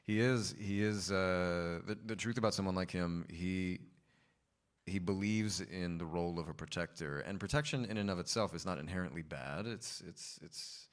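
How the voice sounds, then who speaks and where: A man with a very deep, low voice answers questions on a cast panel. He talks in a reflective, searching way, hunting for words and often laughing. The tone is unhurried and thoughtful. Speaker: lead cast member on a panel.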